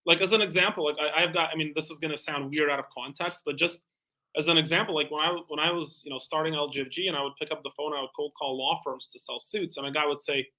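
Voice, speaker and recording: A man speaking at a fast clip with a bright, forceful tone that sits a little high. He tells sales stories as an interview guest with a salesman's energy, leaning on plenty of fillers. His voice stays punchy and quick. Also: low-quality recording. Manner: lively salesman telling anecdotes with lots of fillers. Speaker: guest, bespoke tailor and entrepreneur. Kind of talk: animated storytelling in conversation.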